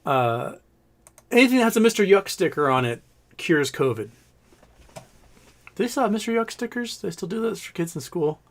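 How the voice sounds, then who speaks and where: A man's voice: high voice, very animated, moderate pace, pauses often. A man hosting a casual livestream with a slightly scratchy throat, rambling and joking as he reads out viewer questions. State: scratchy throat after illness. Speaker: livestream host.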